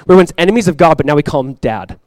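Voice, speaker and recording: A young adult man preaching a sermon as pastor, earnest and repeating key phrases, often dropping to a soft, intimate tone. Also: a little high, lively intonation, very fast, dry recording, poor audio.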